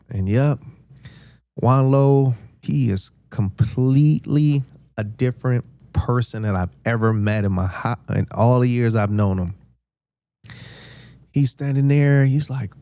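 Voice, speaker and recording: Slow, mellow-voiced man in his fifties. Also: mid-range voice, lively intonation, dry recording. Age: 50s. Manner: laid-back, slangy, acts out quotes. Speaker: podcast host. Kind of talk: casual storytelling.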